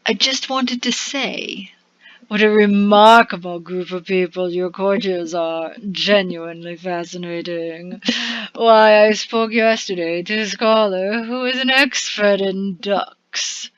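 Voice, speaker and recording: A woman's voice: medium pitch, fairly even intonation, moderate pace, few pauses, clean tone, no room sound, natural voice. Woman voicing a theatrical court bard, sly and sinister under the gushing, odd accent, dry and dull. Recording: dull lo-fi recording.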